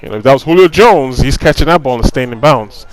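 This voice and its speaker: A man talking over his football game footage in casual commentary at a middle pitch. He rants with frustration, circles back to the same complaints and fills gaps with "you know." His talk is loose and conversational. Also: animated, fast talker, low-quality recording. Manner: repeats himself, fillers like "you know". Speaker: gaming commentator.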